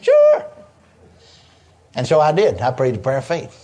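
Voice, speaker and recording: An older man preaches a sermon through lively storytelling, repeating himself often and chuckling along the way. His voice sits at medium pitch and moves fast, and the recording sounds muffled.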